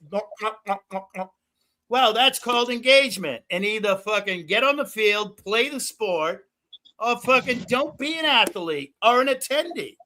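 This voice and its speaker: A loud, excitable middle-aged man rambling through profane casual chat as a livestream host. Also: high voice. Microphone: no headphones.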